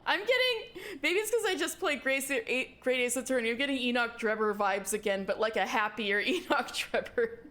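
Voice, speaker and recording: A woman streaming a video game live, reading its text aloud in a giggly, excitable way. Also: fairly high pitch, normal speed.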